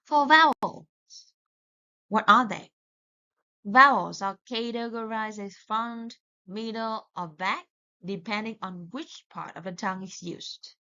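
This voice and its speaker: A woman teaching English pronunciation in a recorded lesson, speaking slowly and deliberately and correcting herself along the way. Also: mid-range voice, pushed and bright. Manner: slow and deliberate, with self-corrections. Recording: dull lo-fi sound.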